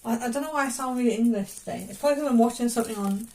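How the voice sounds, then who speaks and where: A woman's voice: on the high side, rapid-fire, warm tone, rough recording. Chatty woman vlogging in her kitchen. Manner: chatty, rambling, self-deprecating asides. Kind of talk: casual cooking vlog. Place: home kitchen.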